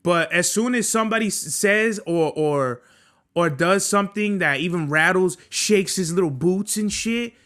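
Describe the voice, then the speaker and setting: A young podcast host tells a workplace story as a profane, animated rant, his slang rolling out in a bright, sharp-edged voice pitched a little above most men. His delivery stays loose and conversational, full of street talk. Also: moderate pace.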